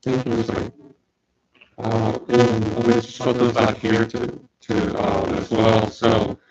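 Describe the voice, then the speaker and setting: A man runs a council meeting, thanking speakers and calling the next one. His tone stays level and brisk. The recording is muffled. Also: on the low side, little pitch movement, darkish tone. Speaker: meeting chair. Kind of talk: chairing a meeting. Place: city council chamber.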